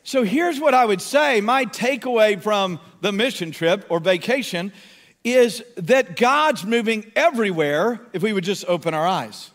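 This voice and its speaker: A man's voice: high-pitched, measured pace, in a large hall. A male pastor telling a story in a sermon, acting out the people he quotes. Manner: animated storyteller, acts out quotes. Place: large church hall.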